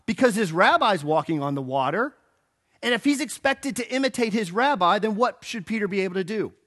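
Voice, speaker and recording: Animated high-voiced male preacher. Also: a little fast. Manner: animated storytelling, acting out quotes; casual and joking. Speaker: pastor. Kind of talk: sermon. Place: church.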